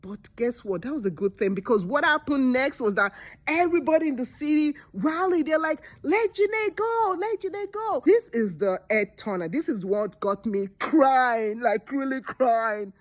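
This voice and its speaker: A woman casually retelling a movie's plot in a vlog, animated and dramatic, jumping into high voices to act out the characters. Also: normal speed. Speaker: movie reviewer.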